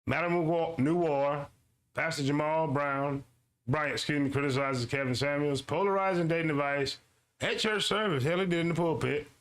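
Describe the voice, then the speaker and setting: Gravelly, animated male streamer. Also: fairly high pitch. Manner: animated, swings between slow read-aloud and quick asides; talks back to his audience, repeats lines for emphasis. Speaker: show host. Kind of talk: casual streamed commentary reading a web page aloud.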